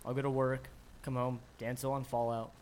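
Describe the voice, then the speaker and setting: A man's voice: medium pitch, flat delivery, moderate pace, darkish tone. A man on a casual gaming podcast panel who talks hesitantly, often restarting his sentences. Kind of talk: casual gaming chat among friends.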